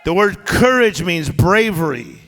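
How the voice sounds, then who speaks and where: High-pitched fiery preacher man. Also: sing-song, unhurried. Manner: fiery, shouting preaching with call-and-response. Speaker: pastor. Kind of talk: sermon. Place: church with live band and congregation. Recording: long church reverb, music behind. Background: band music.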